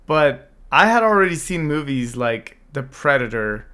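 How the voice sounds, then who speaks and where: Podcast co-host, man in his 30s, hoarse, chatty, throat-clearing. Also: mid-range voice, big pitch swings, unhurried, bright, forceful tone. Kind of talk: casual chat.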